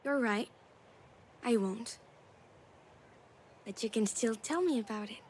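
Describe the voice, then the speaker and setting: High-voiced teasing grown daughter, slow and easy, faint hum behind. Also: female voice.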